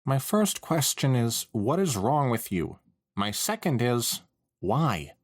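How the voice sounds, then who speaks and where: A man's voice: medium pitch, very animated, takes it slowly. A man voicing an incredulous teenage girl heroine in a fan fiction read-aloud, exasperated and questioning. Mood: puzzled.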